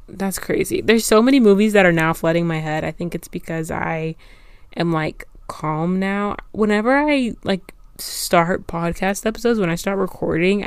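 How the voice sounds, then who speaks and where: Low-voiced woman hosting a rambling podcast. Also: clear, resonant tone, no room sound, clean studio sound. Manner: rambling and self-correcting. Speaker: podcast host. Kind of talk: casual solo podcast talk.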